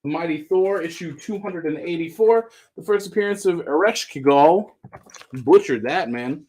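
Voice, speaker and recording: A man's voice: a little high, normal speed, a little mellow. A man hosting a live comic book sale, listing issues casually and joking in rambling asides. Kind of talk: casual live-stream selling.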